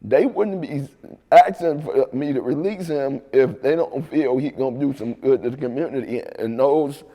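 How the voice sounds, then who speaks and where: A man sits for an interview and tells his story in a loose, easygoing way, dropping "right?" and "man" between phrases. His voice sits at an ordinary pitch for a man. The room carries a long reverb tail. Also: normal speed, mellow. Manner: laid-back, repeats "right?" and "man". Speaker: interview guest.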